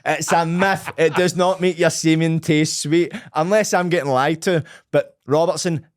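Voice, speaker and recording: A Glaswegian man in his thirties who talks as a podcast guest, rolling his R's and spinning rambling, jokey stories. His voice sits a touch high for a man. The sound is dry and close, with no room around it. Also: steady tone, normal speed, no echo. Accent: Glaswegian Scottish. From Scotland. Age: 30s. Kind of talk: casual chat.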